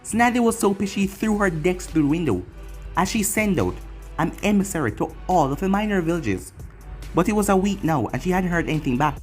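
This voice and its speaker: Fanfic narrator reading an anime story, pitch all over, soft music under it. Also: expressive, brisk. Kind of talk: fan fiction reading.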